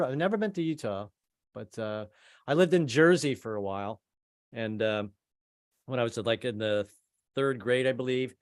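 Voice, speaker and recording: A man's voice: medium pitch, dry recording, studio quality. A man doing a rambling stand-up set over a video call, stammering and repeating himself between jokes. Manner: rambling, stammering, trades in put-on voices. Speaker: stand-up comedian.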